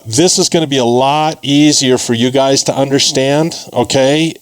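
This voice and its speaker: A man leading a live investing class for a large audience, energetic and emphatic, with a motivational push. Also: medium pitch, smooth, low-quality recording. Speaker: investing instructor. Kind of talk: live seminar teaching.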